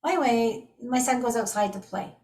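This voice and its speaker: A middle-aged woman on the higher side of pitch talks at a moderate pace, heard off-mic in an echoey room. She's an energetic storyteller, cheerfully walking listeners through an energy healing practice with spirited asides.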